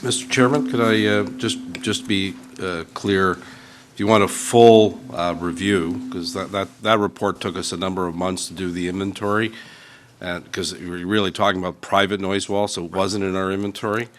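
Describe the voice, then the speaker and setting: Deep-voiced staff man clarifying. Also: fairly even intonation, normal speed, slight background noise. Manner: careful, clarifying, hesitant restarts. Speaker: municipal staff member. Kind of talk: answering at a council meeting.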